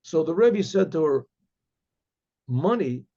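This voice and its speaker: A rabbi spins a story in a loose, rambling way, backing up and clearing his throat as he goes. His voice sits fairly high but is gravelly, husky and mellow in tone. The recording sounds dull and lo-fi. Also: lively intonation, moderate pace. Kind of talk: casual oral storytelling.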